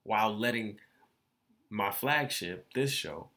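A man's voice: on the low side, animated, takes it slowly, bright, forceful tone. A young adult man hosting his own podcast, speaking in a candid, profane, emotional monologue and repeating phrases as he vents. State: tearful. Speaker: podcast host.

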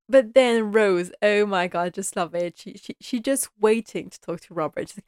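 A woman's voice: mid-range voice, normal speed, clean tone, dry recording, clean studio sound. Chatty woman recapping a show. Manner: chatty and animated, acting out quotes, laughing often. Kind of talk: casual episode recap.

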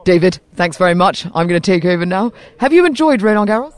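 A woman's voice: on the low side, quick pace. A woman with a posh English accent hosting a podcast, teasing her guest in casual chat outdoors at a tennis venue. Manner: playful, teasing, animated. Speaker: podcast host. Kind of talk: casual chat interview on site.

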